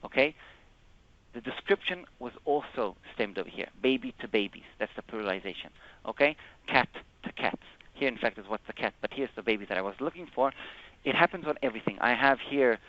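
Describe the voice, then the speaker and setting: A man presenting a live software demo in a webinar, explaining step by step and often correcting himself. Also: mid-range voice, lively intonation, no room sound. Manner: halting, explains step by step with frequent self-corrections. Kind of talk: live screen-share product demo. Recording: dull lo-fi webinar audio.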